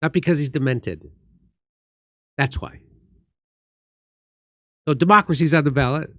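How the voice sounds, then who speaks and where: A man's voice: on the high side, measured pace, sharp tone, dry recording, studio quality. A man hosting a show, giving blunt, sarcastic political commentary. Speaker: show host.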